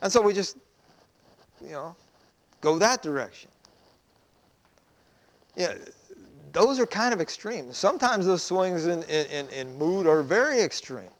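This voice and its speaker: A man's voice: high voice, animated, a little slow, pauses often. A man, a pastor, preaching a sermon in a conversational way, asking rhetorical questions.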